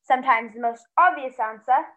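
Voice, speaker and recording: A woman playing a brisk theatrical butler. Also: high-pitched, narrow, tinny audio, lightly acted. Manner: fast, theatrical recap of events. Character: butler narrating the murder case, brisk and theatrical. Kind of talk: stage play acting.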